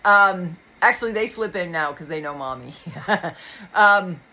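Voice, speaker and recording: A tired woman hosts a casual livestream, chatting as she reads out posts from others. Her voice is bright and carries a forward edge. She rambles and asides freely between the quotes. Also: on the low side, lively intonation, measured pace, poor audio. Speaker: host.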